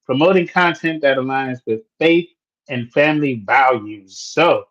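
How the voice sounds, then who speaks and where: Animated man, lo-fi podcast audio. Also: medium pitch, measured pace. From Washington, D.C. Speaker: podcast co-host. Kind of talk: casual podcast chat. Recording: dull lo-fi audio.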